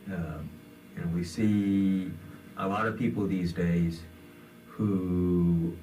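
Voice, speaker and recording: A man's voice: sits low, fairly even intonation, takes it slowly, dark tone, recorded from a distance, soft background music. A man giving a conversational sermon, with many fillers, in a community center hall. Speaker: imam.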